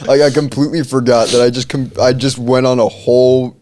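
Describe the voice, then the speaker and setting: A man's voice: mid-range voice, steady tone, a little fast, darkish tone, a little hiss or hum. A young man co-hosting a podcast, chatting casually in a rambling way and laughing often. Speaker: podcast co-host. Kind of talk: casual chat.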